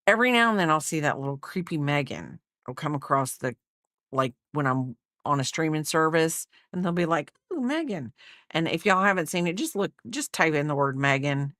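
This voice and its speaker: Chatty middle-aged woman vlogger, low voice, dry close sound, rambling casual chat. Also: a bit bright, no room sound. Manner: rambling, chatty, many fillers and asides. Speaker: crochet vlogger. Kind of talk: casual chat while crocheting.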